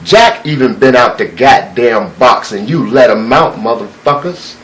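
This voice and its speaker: A man's voice: medium pitch, very animated, measured pace, a bit bright, low-quality recording. A man telling a parable and giving a spiritual talk, loose, preachy and full of profanity.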